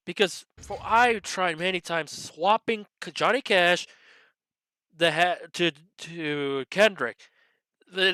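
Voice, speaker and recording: A man giving chatty, rambling livestream commentary on his own racing game mod, with bursts of excited cheering. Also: a little high. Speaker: game modder and streamer.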